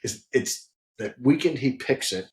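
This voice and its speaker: A man's voice: mid-range voice, expressive, a little slow. A man telling funny stories in casual chat, swearing a lot and acting out the voices of the people in them. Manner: swears freely, acts out quoted voices. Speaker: guest, head distiller. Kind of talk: casual storytelling.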